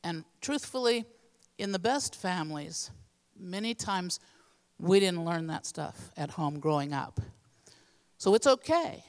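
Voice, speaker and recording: A woman's voice: medium pitch, smooth, in a large hall. A woman giving a midweek church teaching in an earnest, plainspoken, practical way. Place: church sanctuary.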